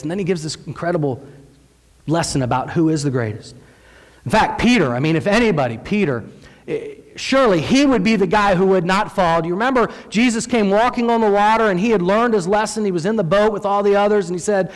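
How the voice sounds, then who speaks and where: A man's voice: sits high, expressive, a little fast, big-room sound. A man in his thirties preaching a sermon in a church, telling the story with energy and acting out the voices he quotes. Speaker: pastor. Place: church sanctuary.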